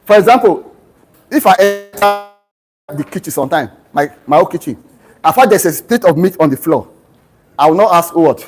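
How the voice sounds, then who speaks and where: A middle-aged Nigerian lecturer in a lecture room, his voice sitting very high for a man and leaping up and down with animated energy. He keeps prompting the class with open-ended questions and pauses for them to fill in the blanks. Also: rough recording. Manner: drills students with fill-in-the-blank questions ending in "what?"; teaches through homely family anecdotes. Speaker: university lecturer.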